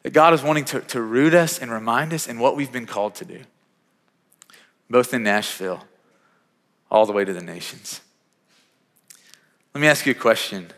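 Church pastor preaching in a reverberant hall. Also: male voice, medium pitch, moderate pace, long pauses. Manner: conversational, repeats words when starting phrases, builds to louder emphatic peaks. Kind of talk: sermon with personal story. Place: church sanctuary.

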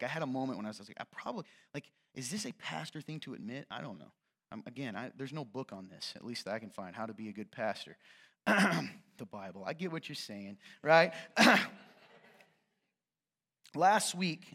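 A man's voice: mid-range voice, a bit bright. A man preaching in an easygoing, conversational way, as a pastor speaking directly to his congregation. His voice sits in an ordinary middle register. He drifts into rambling side comments and pokes fun at himself. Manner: self-deprecating, rambling asides, talks directly to the congregation. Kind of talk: casual conversational sermon.

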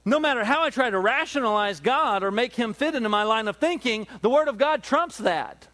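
A man with a high voice preaches from the pulpit. He drives his points home by repeating himself. He keeps turning to his listeners with questions. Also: animated, brisk, pushed and bright. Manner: emphatic, repetitive preaching with rhetorical questions. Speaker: pastor. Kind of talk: sermon.

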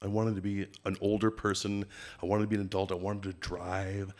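A middle-aged man from Minnesota, a podcast guest telling stories in a casual, animated way and sometimes doing playful impressions. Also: on the low side, brisk. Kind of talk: casual storytelling interview.

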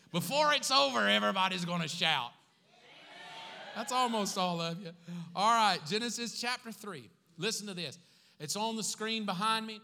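A man with a high, bright, forceful voice preaches a sermon in a church sanctuary. He slows down to hammer home repeated phrases and tosses playful asides to the congregation. Long reverb from the big hall trails after his words. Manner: joking asides with the congregation between teaching points; slow emphatic repetition of key phrases. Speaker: pastor.

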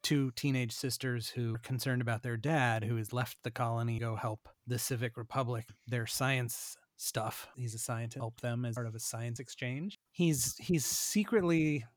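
A man's voice: mid-range voice, steady tone, moderate pace, few pauses, no room sound, studio quality. A man appearing as a guest on a podcast, talking in easygoing casual chat and laughing often. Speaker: guest, show creator.

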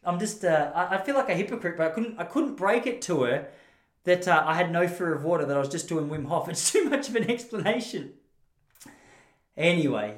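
An Australian man telling rambling, self-deprecating stories in a casual monologue. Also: fairly high pitch. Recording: roomy echo.

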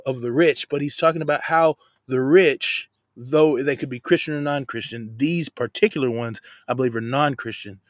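A man's voice: mid-range voice, no echo, clean studio sound. A man giving a casual, conversational verse-by-verse Bible teaching, emphatic at points and dropping slangy asides.

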